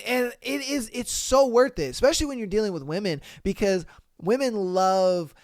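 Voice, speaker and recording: A man hosting a podcast, reading listener posts and reacting in a slangy, profane, animated way. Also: sits high, normal speed, no room sound, studio quality. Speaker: podcast host.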